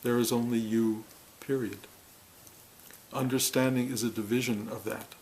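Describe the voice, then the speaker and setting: A man speaking as a spiritual teacher to a gathering, earnest and heartfelt, in short halting phrases. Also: medium pitch, steady tone, a little mellow, slight background noise, poor audio. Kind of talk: reflective spiritual talk to a gathering.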